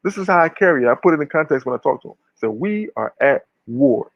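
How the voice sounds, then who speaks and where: A man's voice: fairly high pitch, expressive, quick pace, dull audio, background noise. A man talking casually but with fiery emphasis, preaching and swearing freely. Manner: emphatic, preachy, profane, uses slang. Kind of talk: impassioned casual talk.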